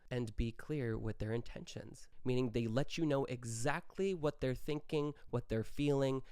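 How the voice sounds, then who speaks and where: Young male podcast host, casual solo rant, clean resonant voice, mid pitch. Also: gravelly, no echo, clean studio sound. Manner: animated, acts out quick quoted exchanges.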